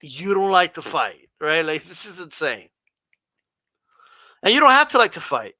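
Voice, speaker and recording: A boxing channel host answers his livestream chat combatively, at a normal pace and with no room sound. His voice is a little high, and he leans on pointed rhetorical questions while mocking a flat monotone voice.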